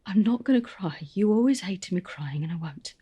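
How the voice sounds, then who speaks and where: A grieving middle-aged mother. Her voice is husky and dark, and she speaks in a soft, halting hush that often slips into a whisper. The delivery is gentle and intimate. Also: medium pitch, animated. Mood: hushed, tender. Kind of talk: film drama monologue.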